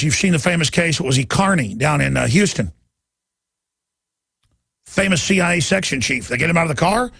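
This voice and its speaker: Male radio host, gravelly and high-pitched, urgent rambling monologue, dry close sound. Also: fairly bright tone, no echo. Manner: urgent, rambling, addresses listeners as folks. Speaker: radio talk show host.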